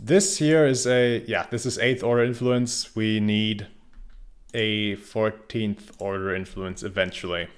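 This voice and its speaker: A man's voice: on the low side, fairly even intonation, a little slow. A young man casually commenting on his gameplay, rambling and joking, with frequent restarts. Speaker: game streamer.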